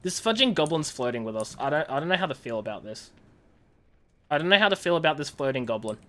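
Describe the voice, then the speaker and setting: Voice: medium pitch, very animated, fast, fairly bright tone. A game streamer chatting casually while playing, joking and laughing often. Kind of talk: casual gameplay chat.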